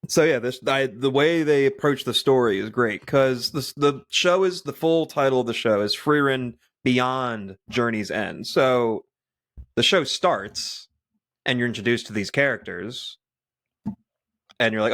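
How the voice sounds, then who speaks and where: A man's voice: medium pitch, measured pace, a bit bright. A man co-hosting a podcast in casual chat, rambling with many restarts and fillers. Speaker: podcast co-host.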